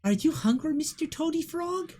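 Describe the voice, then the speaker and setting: A woman's voice: high-pitched, animated, mellow, pitched above the performer's own voice. Woman doing a sweet little girl. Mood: doting. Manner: slow, doting, childlike. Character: sweet little human girl who feeds animals.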